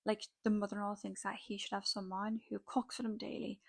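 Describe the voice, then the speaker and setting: A woman's voice: medium pitch, little pitch movement, fairly quick, creaky, slightly rough, dry recording. A young woman, a makeup artist, telling a dramatic gossipy story in a casual chat full of "like" fillers.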